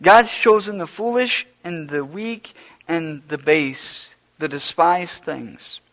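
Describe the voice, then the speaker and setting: A male pastor delivers a sermon in a high-pitched voice to a church congregation. He stresses key points through repetition, dropping to a near hush before building back to loud declarations. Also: takes it slowly. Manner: emphatic and repetitive, swinging between hushed and loud.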